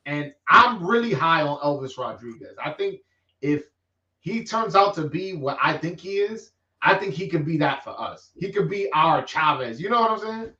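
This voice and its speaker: Fields: Sex: man. Style: animated street-talk boxing chat. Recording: roomy, distant, lo-fi. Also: fairly high pitch, moderate pace. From New York. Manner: animated, streetwise slang, frequent restarts. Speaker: boxing vlogger host. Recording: roomy, distant, dull lo-fi sound.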